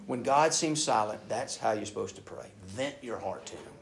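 A man preaching a sermon. He reads scripture aloud, then speaks directly to the congregation, moving between loud emphasis and hushed asides. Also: on the low side, sing-song, normal speed, vocal fry, crowd noise. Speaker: pastor.

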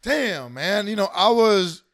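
A man's voice: high-pitched, animated, slow pace, fairly bright tone, no room sound, studio quality. A man hosting his show, talking in an emphatic, rambling way full of swearing and restarted sentences. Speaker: show host. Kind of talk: profane rambling commentary.

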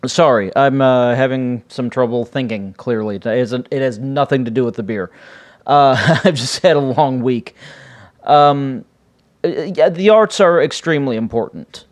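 A man's voice: fairly high pitch, darkish tone. A man hosting his own podcast, talking casually on his own, rambling and often restarting his sentences. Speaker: podcast host. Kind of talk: casual solo podcast monologue.

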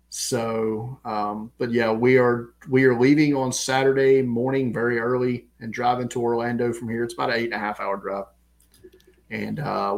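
A man with a Southern US accent, co-hosting a sports podcast in relaxed, casual chat full of fillers. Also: mid-range voice. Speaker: podcast co-host.

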